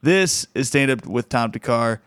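A man's voice: medium pitch, animated, moderate pace, a bit bright, clear, resonant tone, dry recording, clean studio sound. A man hosting a comedy podcast in casual, rambling chat, laughing often. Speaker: podcast host.

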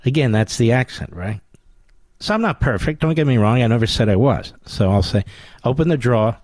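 A man's voice: medium pitch, lively intonation, a little fast, darkish tone, dry recording. A man with a Philadelphia accent hosting a talk radio show, delivering a sarcastic, combative monologue.

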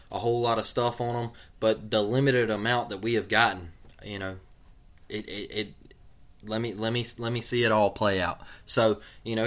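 Bright-voiced man hosting. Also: mid-range voice. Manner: laid-back, drawling, says "man" a lot. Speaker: podcast host. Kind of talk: casual sports podcast chat.

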